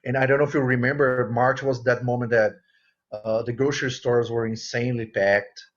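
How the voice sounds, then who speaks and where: Man, warm earnest guest, lo-fi remote audio. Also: medium pitch, a little fast. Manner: earnest, expressive, non-native phrasing. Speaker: guitarist guest. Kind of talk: casual interview chat.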